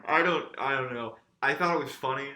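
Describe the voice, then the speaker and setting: A man's voice: medium pitch, brisk, pushed and bright, echoey room. A man co-hosting a podcast, casually and sarcastically picking apart a movie with jokes and swearing. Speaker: podcast co-host. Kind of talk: casual movie review chat.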